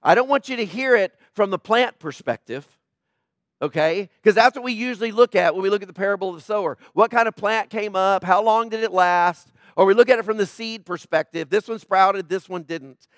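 A male pastor preaching a conversational sermon, often checking in with his listeners and dropping to a hush at tender points. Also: high-pitched, a little fast, no echo, clean studio sound. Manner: conversational preaching, frequent "right?" tags, swings from loud to hushed.

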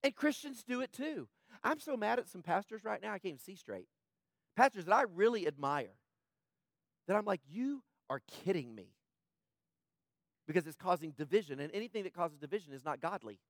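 In a high voice, a male pastor preaches with passion, his delivery shifting between loud, urgent stretches and soft, hushed ones. His intonation is lively and his pace a little fast. The recording is close and dry, with no echo.

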